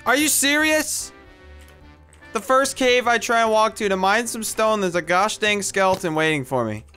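A man's voice: on the high side, sharp tone. A man doing comedic game commentary, complaining in a whiny, exasperated way. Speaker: gameplay skit narrator.

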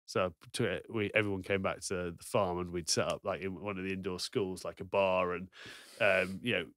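Guy in his 30s spinning a story on a podcast, lowish voice, dry close sound. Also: brisk, no echo. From England. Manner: lively storyteller, laughs through punchlines. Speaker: podcast co-host and former rugby player. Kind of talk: casual anecdote telling.

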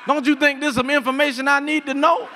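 A man doing a stand-up comedy set on stage, telling stories with animated delivery and acting out the voices of people in them. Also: extremely high pitch, fast talker, in a large hall, a little hiss or hum. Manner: animated storytelling, acts out voices. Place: comedy stage before a live audience.

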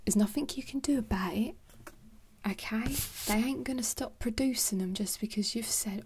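A woman chatting in a soft, rambling way for ASMR, moving between quiet speech and whispers and making jokes. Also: on the high side, normal speed, slightly rough. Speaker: ASMR creator.

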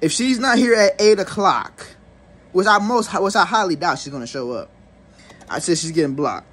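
A man's voice: sits high, lively intonation, normal speed, a bit bright, slightly rough. A young man telling a rambling, profane storytime rant to his viewers. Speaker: vlogger.

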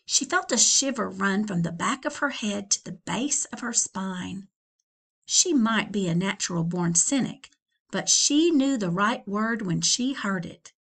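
A woman librarian reading a children's book aloud with expressive, unhurried storytelling. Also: mid-range voice, husky. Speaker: school librarian.

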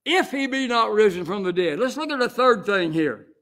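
A middle-aged senior pastor preaching an emphatic sermon, building to exclamations and punctuating points with "Amen.". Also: male voice, high voice, lively intonation, moderate pace, fairly bright tone.

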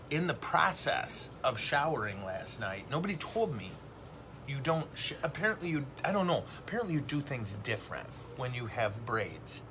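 Against a noisy background, a middle-aged Catholic priest with a mid-range voice hosts a casual livestream. He teaches and rambles along, tossing in self-deprecating jokes.

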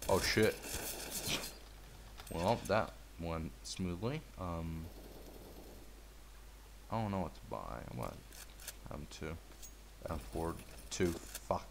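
A man with a low voice drawls through casual gameplay commentary at an unhurried pace. He mutters along, then bursts into swearing and trash talk at his opponents. A faint hiss sits under the recording. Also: lively intonation, creaky. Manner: laid-back and mumbly, breaking into swearing, trash talk and yelps at the game.

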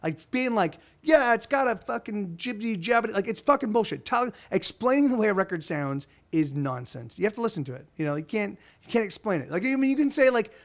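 A man's voice: high voice, sing-song, fast, hardly any pauses. A man hosting a casual live stream, telling rambling, profane stories with lots of restarts.

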